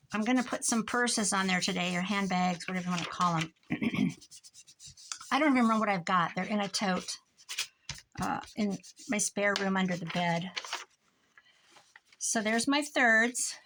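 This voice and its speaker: A middle-aged woman with a Midwestern American accent chats to her vlog viewers while working at her craft table. She rambles from topic to topic and laughs often, in a voice of medium pitch. Faint clicks and writing sounds come from her crafting. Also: noisy background. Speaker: crafting vlogger. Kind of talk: casual chat while crafting. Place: craft room at home.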